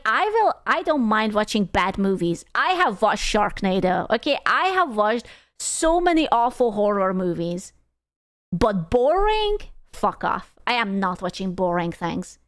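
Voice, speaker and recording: A young woman streaming and reacting to videos in casual chat, blunt and quick to swear. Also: fairly high pitch, dry recording, studio quality. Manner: blunt, swears freely, laughs often.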